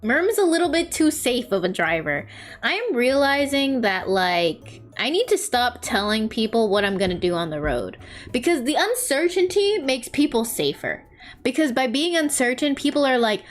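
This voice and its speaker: A woman's voice: sits high, big pitch swings, moderate pace. A young adult woman streamer telling rambling, self-mocking stories in casual chat while she draws.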